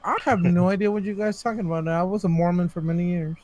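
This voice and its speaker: Guy with a really high voice, sarcastic ranting, swears a ton. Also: steady tone, fast, darkish tone, lo-fi sound, a little hiss or hum. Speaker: podcast co-host. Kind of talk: casual crude banter.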